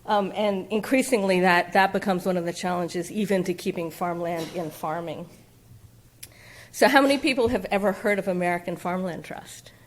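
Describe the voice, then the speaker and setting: A woman's voice: fairly low pitch, steady tone, moderate pace. A woman giving a public lecture in a conversational way, with fillers and questions to the audience in a lecture room. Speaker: guest speaker from a farmland nonprofit.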